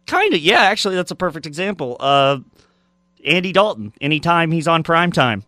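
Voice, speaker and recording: A man co-hosting a casual sports podcast, rambling with restarts and quick reactions. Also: fairly high pitch, big pitch swings, pushed and bright, no echo, clean studio sound. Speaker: podcast co-host.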